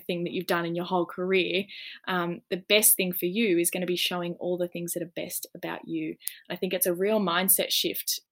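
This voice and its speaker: A woman's voice: lowish voice, fairly bright tone. A woman explaining job-interview advice in an earnest, chatty way, with frequent ums. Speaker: careers advice guest. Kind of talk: casual podcast chat.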